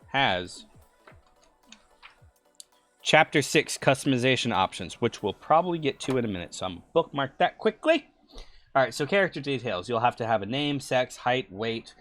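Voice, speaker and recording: A man's voice: medium pitch, fairly bright tone. Guy running a tabletop game on stream, rambly, trips over his words, bit of music behind. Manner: rambling, stammering restarts, easily sidetracked.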